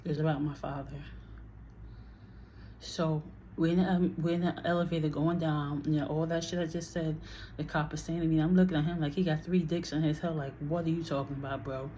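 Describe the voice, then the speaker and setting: A woman's voice: low voice, little pitch movement, a little fast, warm tone, highs cut off, a little hiss or hum. A woman telling a personal story in a casual vlog, blunt and heated, swearing freely and acting out what others said.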